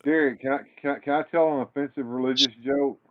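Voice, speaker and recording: A man on a call into a podcast, telling a joke and slowing down to quote its lines. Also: medium pitch, steady tone, no room sound. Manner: telling a joke, slow when quoting. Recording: phone-like call audio.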